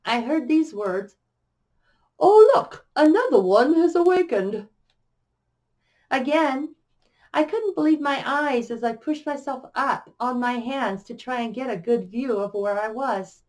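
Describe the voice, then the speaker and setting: A woman reading aloud from her own book, dramatic, stretching some phrases slowly and rushing through others. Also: a little high. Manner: dramatic, shifts between slow drawn-out and quick phrases. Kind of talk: expressive memoir reading.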